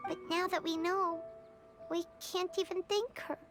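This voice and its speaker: A small, chatty game companion with a very high, childlike voice. She speaks earnestly and wistfully, with game music clearly playing under her. The sound is a polished video game cut. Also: steady tone, a little slow. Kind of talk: game voice acting.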